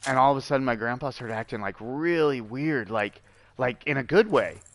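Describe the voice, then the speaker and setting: A man's voice: mid-range voice, normal speed, a bit bright, a little hiss or hum. A man streaming a video game, rambling casually and chatting with his viewers, with many fillers and asides. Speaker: gaming streamer. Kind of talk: casual storytelling while gaming.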